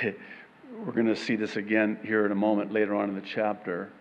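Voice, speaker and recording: A man preaching a sermon in an animated way, acting out short exchanges and laughing between points. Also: lowish voice, in a large hall, lo-fi sound. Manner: animated, acts out little dialogues with laughs. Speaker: pastor.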